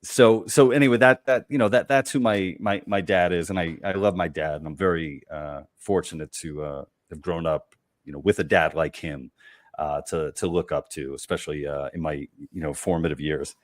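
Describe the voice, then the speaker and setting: A man with a very low, deep voice tells personal stories in an easy, conversational way. He halts often, repeats words and fills gaps with "uh" and "you know." The sound is close and dry, with no room echo. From United States. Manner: halting, many fillers and repeated words, laughs while telling stories. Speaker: comedian guest. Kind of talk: relaxed conversational storytelling.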